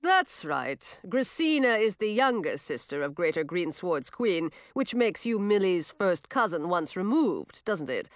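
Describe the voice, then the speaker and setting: A woman's voice: on the low side, big pitch swings, a little slow, few pauses, dry recording, studio quality. A woman doing a smug, sneering young nobleman. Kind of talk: audiobook character voice.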